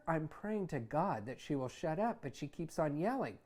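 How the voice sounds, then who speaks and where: A man who hosts a show, reading his own memoir aloud in a conversational, wry way that gets animated in heated passages. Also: a little high, normal speed. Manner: conversational, wry, animated when retelling anger. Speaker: author and host.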